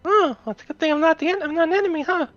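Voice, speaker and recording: High-voiced woman playing a tabletop game. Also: very fast, dry recording, lo-fi sound, faint music behind. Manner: playful, bumbling.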